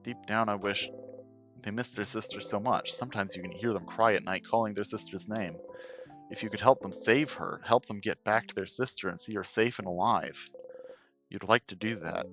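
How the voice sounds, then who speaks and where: A man's voice: lowish voice, moderate pace, a bit bright. A man streaming a game playthrough who reads its second-person narration aloud and comments on it as he plays. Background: faint game music.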